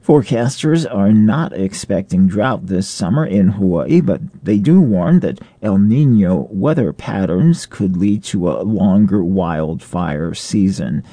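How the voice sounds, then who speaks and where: A man reading local radio news in a measured delivery. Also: low-pitched, expressive, warm tone, dry recording. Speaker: local newscaster.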